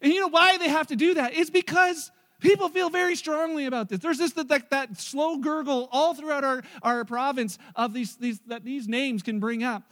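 A man's voice: extremely high pitch, fairly even intonation, normal speed, hardly any pauses, fairly bright tone, in a large hall. A man preaching a sermon in a chatty storytelling way, acting out the lines of people in his anecdotes. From Canada. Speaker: pastor.

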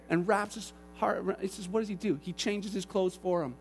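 A man preaching a sermon, telling the story with animated energy and acting out the characters. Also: high-pitched, a little fast, few pauses, breathy edge.

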